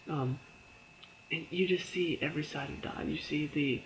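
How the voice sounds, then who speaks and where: A man with a slightly high voice speaks at a moderate pace, casually reviewing a TV episode in a chatty style packed with fillers. He breaks into laughter and briefly acts out characters' lines in quotes as he retells scenes. The audio is poor, with slight background noise.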